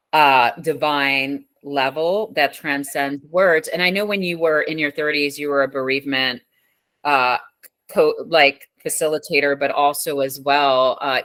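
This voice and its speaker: Bright, reflective woman host. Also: deep voice, no echo. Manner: reflective, thoughtful, pauses with fillers. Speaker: podcast host. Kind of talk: reflective interview talk.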